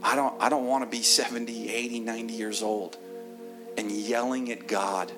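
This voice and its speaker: A man preaching a sermon as a guest speaker in a church, telling a story with animated energy and dropping into soft, earnest asides. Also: mid-range voice, moderate pace, over music.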